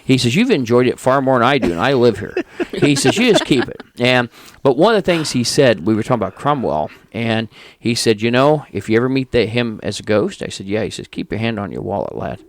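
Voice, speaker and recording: A man's voice: medium pitch, brisk, no room sound. A middle-aged man from Indiana, co-hosting a podcast, telling rambling anecdotes with a lot of tangents. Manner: tangent-prone, animated anecdotes with quoted voices. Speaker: podcast co-host. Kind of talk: rambling casual chat, storytelling.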